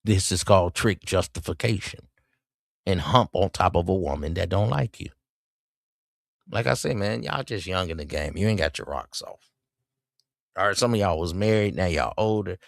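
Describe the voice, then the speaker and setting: A man hosting a podcast, giving preachy, mocking commentary and jumping up in pitch to taunt. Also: expressive, normal speed, creaky, long pauses, no room sound, studio quality. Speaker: podcast host. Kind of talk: reacting to clips with commentary.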